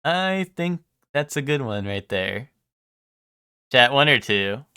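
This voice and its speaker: A young male streamer talks to his chat in a bright, crisp voice, rambling and swearing as he goes. The sound is dry and close. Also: mid-range voice, very animated, slow, dry recording. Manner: rambling, swears a lot, full of ums. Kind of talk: casual live-stream chat.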